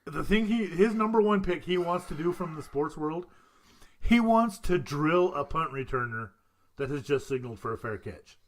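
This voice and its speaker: A man's voice: on the high side, lively intonation, moderate pace. A man hosting a casual podcast chat, rambling and stumbling over his words, laughing often. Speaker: podcast host.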